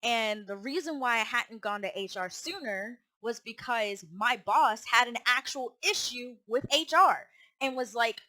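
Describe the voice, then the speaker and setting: Woman vlogger with a bright, sharp voice, casually telling a rambling story full of restarts. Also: on the high side, expressive, a little slow. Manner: rambling, with restarts and acted-out quotes.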